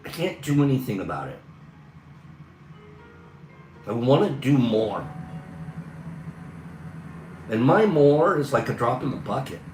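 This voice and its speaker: A man's voice: medium pitch, very animated, measured pace, long pauses, a little mellow, recorded from a distance, soft background music. Earnest rambling man in an echoey room. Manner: earnest, rambling, talks through frustration. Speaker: livestream host. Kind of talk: casual livestream monologue.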